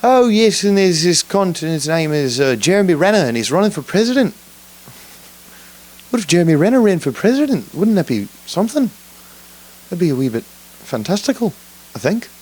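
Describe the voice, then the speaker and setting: A man's voice: sing-song, moderate pace, pauses often, a little mellow. A man putting on a British accent, voicing a chatty, mildly snooty British podcaster who talks breezily. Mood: mock posh. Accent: put-on British. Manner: breezy, offhand, raised pitch.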